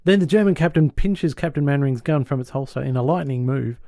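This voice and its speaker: A man hosting a podcast, retelling a sitcom episode in an animated way and chuckling often. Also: medium pitch, quick pace, no room sound, studio quality. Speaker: podcast host.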